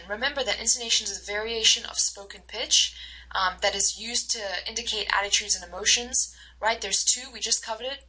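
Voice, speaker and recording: A woman instructor giving a recorded lecture, explaining slowly with many fillers and acting out short example dialogues. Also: medium pitch, sharp tone, slightly rough, rough recording.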